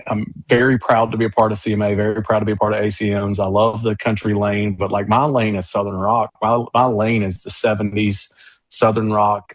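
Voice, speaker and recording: A man with a low, fairly flat voice talks about his music in a casual interview, drifting from story to story with plenty of fillers and eager asides. The recording is dry, with little room sound. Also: dry recording. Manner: rambling, enthusiastic storytelling with many fillers. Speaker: musician guest.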